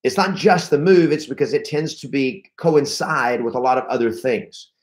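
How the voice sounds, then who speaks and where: Man, mid-range voice, live-stream coach, energetic, storytelling, repeats words. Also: mid-range voice, moderate pace. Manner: energetic, storytelling, acts out panicked reactions; restarts and repeats words often. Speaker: real estate trainer.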